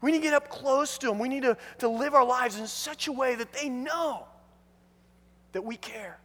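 High, forceful preacher in a hall. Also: male voice, normal speed. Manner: animated storytelling, frequent restarts. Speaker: pastor. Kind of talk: sermon.

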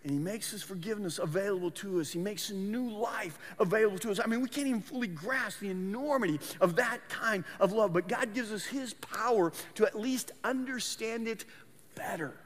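A pastor preaches a sermon earnestly, often repeating words as he restarts his phrases. His voice sits high and moves fairly quickly. A long hall reverb colors the recording.

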